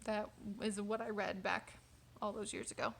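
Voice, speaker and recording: A woman's voice: mid-range voice, level tone, normal speed, vocal fry, slight background noise. A young woman telling a personal faith story to camera in a candid, conversational way, with frequent fillers. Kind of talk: casual personal testimony.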